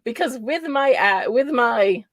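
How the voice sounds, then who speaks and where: A woman's voice: on the high side, expressive, unhurried, no room sound. A woman with a New England accent hosting a livestream, chatting casually, greeting viewers by name and laughing often. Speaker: livestream host.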